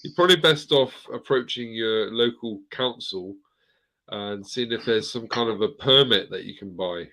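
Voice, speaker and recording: A man's voice: lowish voice, normal speed, pushed and bright. A middle-aged man hosting a casual live chat, rambling through viewer comments and swearing now and then. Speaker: host of a live chat stream.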